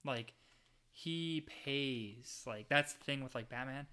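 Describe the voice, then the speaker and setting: A man's voice: medium pitch, slow, sharp tone, clear, resonant tone. A man co-hosting a podcast, chatting enthusiastically with lots of fillers. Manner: enthusiastic, heavy use of "like". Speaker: podcast co-host. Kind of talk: casual chat.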